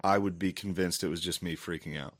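Male host, lowish voice, jokey, teasing. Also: fairly even intonation, fairly quick. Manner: joking, teasing interjections. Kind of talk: casual chat.

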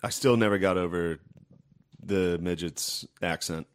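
Man, young adult, very low voice, deadpan, profane, podcast co-host. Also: a little slow, clean tone, no room sound, clean studio sound. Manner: low-key, deadpan, profane, short replies. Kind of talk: casual crude banter.

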